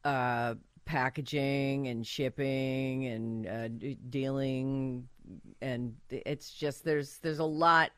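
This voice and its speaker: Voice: mid-range voice, fairly even intonation, slow, a bit bright, clean tone, dry recording. A radio co-host chatting casually, making playful, quirky asides.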